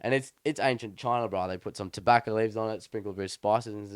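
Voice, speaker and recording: Young man, smooth low voice. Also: fast, no echo, clean studio sound. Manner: rambling, slangy storyteller with many restarts. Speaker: podcast co-host. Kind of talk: casual chat.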